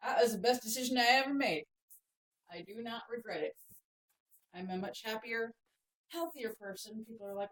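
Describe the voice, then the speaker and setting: A woman in her thirties from Maryland, USA, chats frankly on a home livestream at normal speed, with long pauses, trailing off and correcting herself. When she talks to her pets she switches to high, excited baby talk. The recording quality is low.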